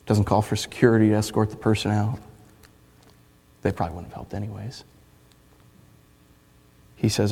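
A man preaching a sermon as pastor, swinging between loud impassioned stretches and quiet hushed ones, with stammered restarts. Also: on the low side, little pitch movement, normal speed, vocal fry, pauses often. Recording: long reverb of a large hall.

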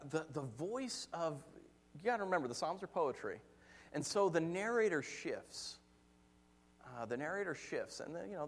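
A man preaching a sermon, telling stories with lively acted-out quotes and frequent laughter. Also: mid-range voice. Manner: animated storytelling, acts out quotes, laughs often. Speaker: pastor.

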